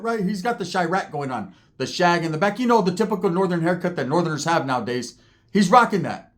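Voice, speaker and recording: Vlogger, male, fairly high voice, slangy profane storyteller who keeps checking in with the listener. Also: quick pace. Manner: animated, slangy, cursing, asks the listener for agreement.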